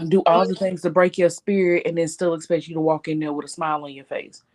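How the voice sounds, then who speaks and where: A woman's voice: low voice, little pitch movement, quick pace, hardly any pauses, darkish tone. A woman co-hosting a casual talk show, speaking plainly and firmly, often backing up her partner. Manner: chimes in with agreement, then speaks plainly and firmly. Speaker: podcast co-host. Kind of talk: casual chat.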